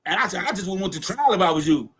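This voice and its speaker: A man's voice: sits high, expressive, very fast, fairly bright tone, slight background noise. Profane streetwise man telling a story. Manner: streetwise, profane, repeats words. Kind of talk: casual storytelling.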